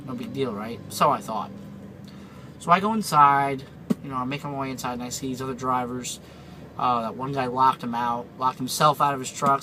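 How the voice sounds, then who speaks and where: A man's voice: medium pitch, bright, forceful tone, slight background noise, rough recording. A man, a truck driver, telling a story in a casual vlog, rambling and chatty with lots of fillers and restarts.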